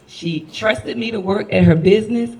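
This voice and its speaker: Man on a panel, slightly high voice. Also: normal speed, gravelly, a little mellow, slightly rough, low-quality recording. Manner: jovial, laughs while telling a story. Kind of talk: panel discussion.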